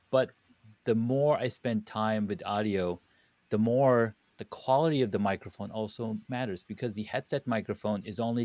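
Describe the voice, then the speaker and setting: A man with a deep voice, a guest on a podcast, explaining studio audio step by step and pausing to find his words. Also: darkish tone, no room sound. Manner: explanatory, with restarts and searching for words. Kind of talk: podcast conversation.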